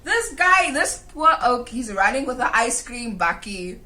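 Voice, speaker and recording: Young South African woman, podcast co-host, bright and animated, swears as she tells the story. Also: on the high side, a little slow. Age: young adult. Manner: animated, swears freely, laughs mid-story. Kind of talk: casual storytelling chat.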